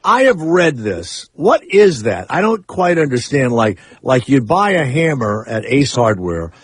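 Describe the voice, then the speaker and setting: A man's voice: medium pitch, big pitch swings, unhurried, husky, no echo. A man hosting a radio talk show, rambling and opinionated in casual chat. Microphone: studio microphone.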